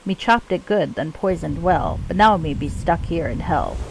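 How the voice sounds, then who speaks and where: A woman's voice: fairly low pitch, animated, moderate pace, gravelly, a little hiss or hum, low-quality recording. Woman doing a mad rhyming cultist man. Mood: sing-song. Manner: speaks in singsong rhymes with broken grammar. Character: mad rhyming male cultist, broken grammar.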